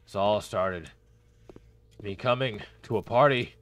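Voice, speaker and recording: A man hosting a gaming channel, giving casual commentary on a horror game, talking to himself and yelling when panicked. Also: on the low side, a little slow, slight background noise. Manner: excitable, talks to himself and yells in panic.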